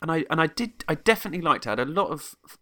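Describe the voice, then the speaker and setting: Man, chatty, bright tone, laughs a lot, casual podcast talk. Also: fairly high pitch, big pitch swings, rapid-fire. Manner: chatty, rambling, laughs often, many restarts. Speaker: podcast co-host reviewing a film. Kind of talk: casual chat.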